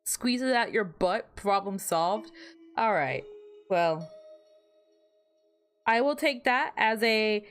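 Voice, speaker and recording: Hoarse young woman rambling on stream. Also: medium pitch, expressive, slow, pauses often, fairly bright tone. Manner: rambling, self-deprecating, frequent restarts and fillers. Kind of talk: casual livestream chat.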